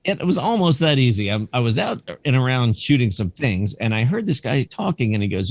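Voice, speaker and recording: A man in his fifties, a cinematographer and museum curator, chatting as a podcast guest and telling animated stories. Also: mid-range voice, a little fast, hardly any pauses, dry recording. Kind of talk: casual anecdotal storytelling.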